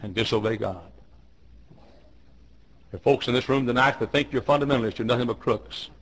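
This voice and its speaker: A man in his fifties preaching a fiery sermon in a church, swinging from hushed low tones to shouted commands he hammers home again and again. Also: fairly quick, rough recording. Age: 50s. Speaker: pastor. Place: church auditorium.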